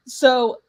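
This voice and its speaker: A woman hosting a book club podcast in casual chat, laughing often as she quotes film lines. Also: low-quality recording. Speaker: parent.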